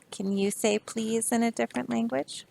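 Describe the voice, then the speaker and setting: A woman's voice: fairly high pitch, gravelly. A young adult woman reading a picture book aloud to children, stopping to explain the pages in a chatty, easygoing way. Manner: explaining, chatty asides, soft laughs. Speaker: storybook reader.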